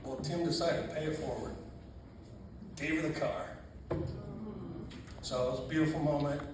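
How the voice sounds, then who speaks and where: Man, animated storyteller, laughs a lot, acts out quotes, far from the mic, very echoey church hall, noisy room. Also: on the high side, normal speed. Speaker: funeral reception speaker. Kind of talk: storytelling at a memorial gathering.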